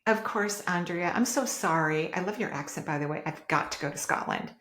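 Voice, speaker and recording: A woman hosting a podcast, giving emphatic, animated spiritual advice and laughing easily. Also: fairly low pitch, brisk. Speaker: podcast host and intuitive. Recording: roomy echo.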